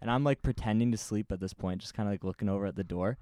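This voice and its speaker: A man's voice: lowish voice, rapid-fire, no echo, clean studio sound. A young man on a podcast, telling a wild party story with plenty of swearing. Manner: animated storyteller, swears a lot. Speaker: podcast co-host. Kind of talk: casual storytelling chat.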